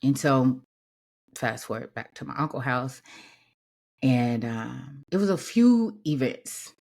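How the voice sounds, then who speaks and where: A woman's voice: rumbling low, takes it slowly, vocal fry, a little mellow. A woman talks through a personal memory in a loose, conversational way. Her delivery is candid and emotional, with features and plenty of fillers and restarts. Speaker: podcast host. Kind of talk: personal reflective monologue.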